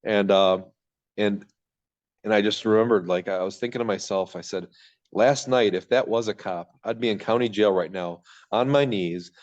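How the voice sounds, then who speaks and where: A man's voice: on the low side, moderate pace. A man in his thirties from Michigan, telling his own story as a podcast guest, rambling and cutting himself off as he acts out his old thoughts. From Michigan, USA. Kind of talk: candid storytelling in a podcast interview. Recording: dull lo-fi sound.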